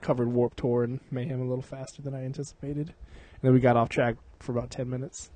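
A young man chatting on a podcast, loose and rambling, dropping curses and breaking into laughter. His voice sits mid-pitch and sounds close and dry. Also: little pitch movement, quick pace, mellow, dry recording. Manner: profane, rambling, laughs often. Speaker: podcast host. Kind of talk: casual podcast chat.

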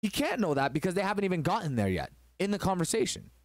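A man's voice: high-pitched, big pitch swings, fast, dry recording, clean studio sound. Man giving emphatic relationship advice. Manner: emphatic, preachy storytelling.

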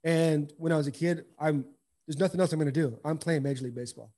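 A man's voice: on the high side, fast, mellow. A middle-aged man, a former pro ballplayer, telling his story in an interview with earnest, impassioned repetition. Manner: earnest, impassioned, repeats phrases for emphasis. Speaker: guest, former pro baseball player.

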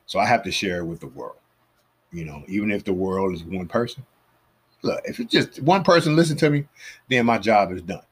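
A low, husky male voice with a lively, swinging delivery, chatting casually as the host of a fitness podcast. He tells stories in an animated way and acts out the people he quotes. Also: brisk. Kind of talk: casual storytelling monologue.

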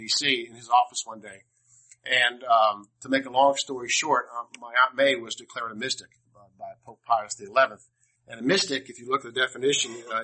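An older man from Washington, D.C., tells a class personal stories, rambling humorously and often restarting his sentences. His medium-pitched voice is bright and forceful with a breathy edge, and the recording is low quality.

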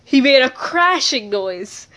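A woman with a fairly high voice tells a funny story in a casual, rambling way. She speaks slowly, keeps giggling and breaks off into asides to correct herself. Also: expressive, bright, forceful tone.

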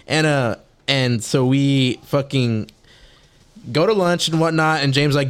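A man's voice: medium pitch, normal speed, smooth. Young man telling a prank story. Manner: laughing storyteller, swears freely. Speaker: podcast co-host. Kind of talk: casual podcast chat.

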